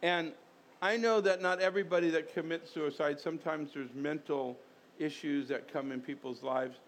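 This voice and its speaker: A man's voice: fairly high pitch, fairly even intonation, normal speed, a little hiss or hum. A man, a pastor, preaching a conversational sermon, repeating himself and firing rhetorical questions at the congregation.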